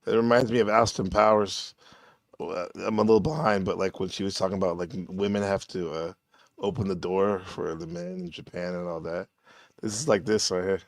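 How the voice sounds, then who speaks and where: Low-voiced man in laid-back casual commentary. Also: a little fast, no room sound. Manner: laid-back, slangy, chuckles while talking. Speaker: reaction video host. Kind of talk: casual commentary over an old clip.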